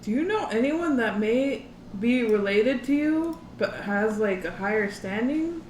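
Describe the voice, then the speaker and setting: Practical woman player, kinda high, far from mic, echoey with faint noise. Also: lively intonation, measured pace, darkish tone. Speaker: tabletop player. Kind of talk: casual in-character game chat.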